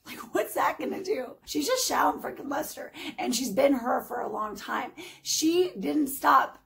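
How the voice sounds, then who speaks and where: A woman's voice: high-pitched, expressive, unhurried, gravelly, fairly bright tone, low-quality recording. A woman in her forties ranting on her own vlog, emphatic and sarcastic, speaking straight to her critics. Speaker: vlogger. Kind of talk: heated casual vlog rant.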